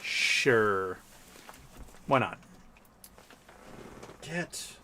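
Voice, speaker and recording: A man's voice: medium pitch, lively intonation, normal speed, a little hiss or hum. A man hosting a casual livestream who rambles, reads viewer comments aloud and laughs often. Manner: rambling, laughs often, mimics people in quotes. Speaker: livestream host. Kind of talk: casual livestream chat reading super chats.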